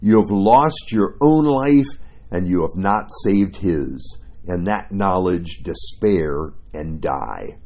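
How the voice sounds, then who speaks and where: A man reading the lines of a cruel, gloating evil witch queen in a slow, low, taunting way. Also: animated, darkish tone, heavily acted.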